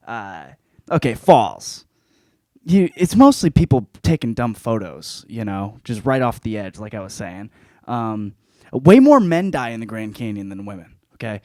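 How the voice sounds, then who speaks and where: A man hosting a podcast, giving a casual, profane, joking book report, often jumping into loud high-pitched bits. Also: no room sound, clean studio sound. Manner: profane, jokey, lots of swearing and laughing. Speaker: podcast host.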